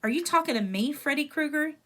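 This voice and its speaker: A sneering teenage bully, mocking and picking fights, voiced by a woman reading a storybook aloud. His taunts climb high and loud when he jeers. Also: animated, fairly quick. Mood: taunting. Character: rude bullying teenage boy.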